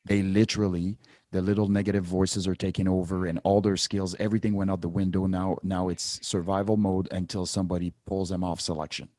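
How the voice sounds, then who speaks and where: Deep-voiced earnest male podcast guest. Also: level tone, a little fast, dark tone, no room sound. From Canada. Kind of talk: casual conversation.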